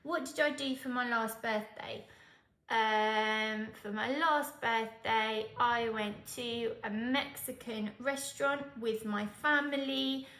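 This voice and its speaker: Speaking a little high and a bit bright, a patient woman runs a Spanish exam tutorial in a roomy-sounding setting. She breaks each point into steps and checks in with "okay?" along the way.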